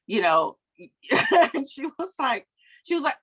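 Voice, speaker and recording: A middle-aged woman giving a motivational coaching talk over a video call, chatty and lively. She laughs often and acts out anecdotes in quoted voices. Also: high-pitched, moderate pace. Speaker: business coach.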